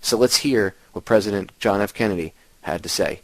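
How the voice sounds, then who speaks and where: A man hosting a talk show, ranting at his listeners with plenty of emphasis. His voice sits on the low side and sounds close and dry, with almost no room around it. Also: brisk, dry recording, low-quality recording. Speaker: host. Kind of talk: radio show monologue.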